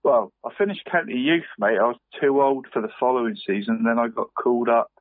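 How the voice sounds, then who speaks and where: A man's voice: medium pitch, animated, fast talker, no echo. Man saying "mate" on a tinny line. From Cornwall. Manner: says "mate" constantly, rambling with restarts. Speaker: podcast co-host. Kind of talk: casual football chat. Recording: dry, tinny phone-like line.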